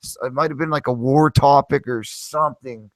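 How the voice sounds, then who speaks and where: A man hosting a casual podcast, talking in an excitable, rambling way and swearing a lot. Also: medium pitch, moderate pace, no room sound. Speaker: podcast host.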